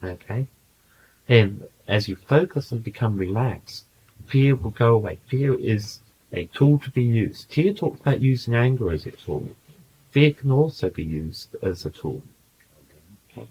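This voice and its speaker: Calm man giving spiritual counsel. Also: mid-range voice, unhurried, slight background noise, poor audio. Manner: calm, patient, coaching, tells anecdotes. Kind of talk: channeling session counseling. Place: small room with a group present.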